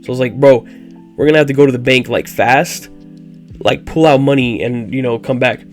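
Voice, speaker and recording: A man's voice: medium pitch, brisk, faint music behind. A young man telling a personal story in a casual, rambling way, full of "like" fillers. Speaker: vlogger.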